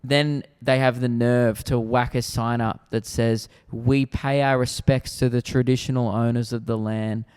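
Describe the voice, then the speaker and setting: A man's voice: medium pitch, steady tone, measured pace, hardly any pauses, darkish tone, clear, resonant tone. A man co-hosting a podcast, chatting casually and rambling through stories. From Australia. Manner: rambling storyteller, laid-back. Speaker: podcast co-host, comedian. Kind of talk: casual chat.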